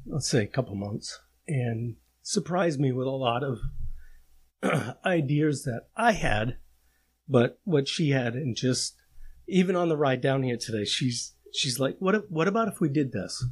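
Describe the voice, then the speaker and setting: A man's voice: medium pitch, animated, husky. A man hosting a casual podcast chat, talking with emotion and restarting his sentences often. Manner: emotional, halting, many restarts. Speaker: podcast host.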